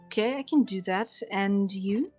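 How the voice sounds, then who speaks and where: A woman's voice: mid-range voice, moderate pace, a little mellow, soft background music, lightly acted. A woman voicing a prim, polite male barkeep who is centuries old, in a tabletop game. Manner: polite, fussy.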